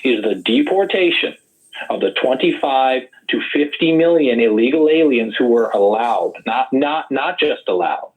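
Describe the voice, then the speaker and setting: A man running as a political candidate, talking loud and rambling and mocking his opponents in a heated online debate. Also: medium pitch, lively intonation, moderate pace. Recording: tinny call audio.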